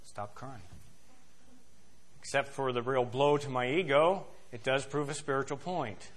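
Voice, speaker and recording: A male pastor preaching a sermon, who swings from soft, low asides to loud, rising emphasis and quotes scripture and hymn lines in a slow, stressed cadence.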